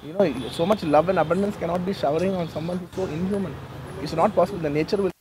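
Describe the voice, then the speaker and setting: A film actor with a high voice speaks fast, giving reporters an earnest, emotional statement in which he often repeats himself. It takes place in an outdoor garden during a press meet, with a noisy background.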